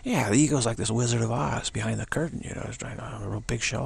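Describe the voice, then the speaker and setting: A man's voice: medium pitch, fast talker, vocal fry, breathy edge. A man giving a spiritual talk, taunting and challenging in a mocking tone. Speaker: spiritual teacher.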